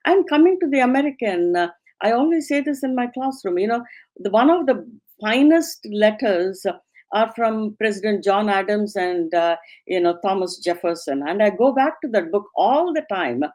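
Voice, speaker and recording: Female academic guest from India; measured, hesitant, thinks aloud with frequent fillers. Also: mid-range voice, expressive, darkish tone, rough recording. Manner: hesitant, many fillers, thoughtful. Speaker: professor and guest. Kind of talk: reflective interview talk.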